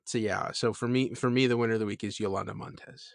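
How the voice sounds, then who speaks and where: A man's voice: fairly low pitch, fairly even intonation, fast talker, gravelly, dry recording, studio quality. A man co-hosting a casual podcast, hesitant and full of restarts and ums as he talks. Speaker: podcast co-host.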